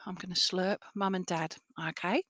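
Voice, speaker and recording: A woman's voice: fairly low pitch, steady tone, takes it slowly, fairly bright tone, dry recording. A woman medium giving clairvoyant readings in an online service, chatty and affectionate, often checking in with "all right?". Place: home, by herself.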